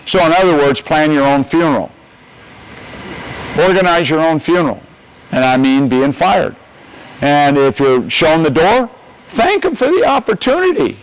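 An older man from the United States speaks at a coaches clinic in a motivational coaching style. His voice sits a little on the high side. He is emphatic and folksy, and he hammers his key points home by repeating them. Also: measured pace, pauses often, clean tone, rough recording.

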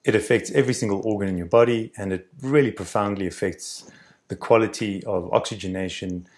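A middle-aged man teaching gentle breathing practice outdoors, speaking in a calm, encouraging way. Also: lowish voice, fairly quick, no echo. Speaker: breathing coach. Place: outdoors in a canyon.

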